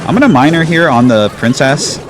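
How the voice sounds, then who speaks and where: A man's voice: on the high side, expressive, a little fast, background noise. A man giving casual, chatty commentary over his own gameplay, with a laid-back manner and lots of "like". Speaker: gaming YouTuber. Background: game music.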